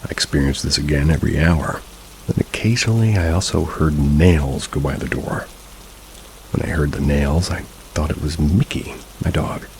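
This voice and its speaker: A man narrating scary reader-submitted stories in an even, measured reading. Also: rumbling low, vocal fry, slight background noise, low-quality recording. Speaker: horror story narrator.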